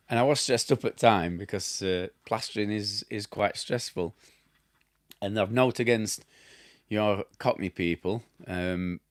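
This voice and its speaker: A middle-aged man from Yorkshire, England, with a broad Yorkshire accent and a lowish voice, chats casually while answering viewer questions. He's a damp specialist and former plasterer who rambles, laughs at himself and loses his thread. The studio recording is clean, with no echo.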